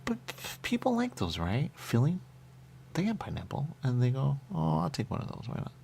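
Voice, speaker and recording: A man's voice: medium pitch, wildly swooping pitch, normal speed, creaky, dark tone, slight background noise. A man hosting a radio show, rambling playfully in casual chat while tasting pastries. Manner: rambling, playful, jumps between thoughts.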